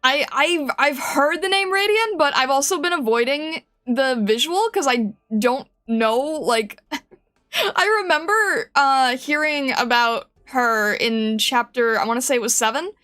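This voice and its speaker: A woman's voice: high-pitched, unhurried, bright, forceful tone. A woman streamer chatting casually with her viewers, giggling often and rambling with many restarts. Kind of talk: casual live-stream chat.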